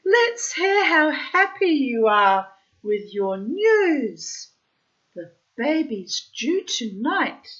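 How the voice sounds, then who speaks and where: Woman playing booming, jovial God. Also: big pitch swings, very slow, fairly bright tone, lo-fi sound, heavily acted. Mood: roaring. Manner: hearty, coaxing, bursts into roaring laughter. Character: jovial, teasing male God, big and booming.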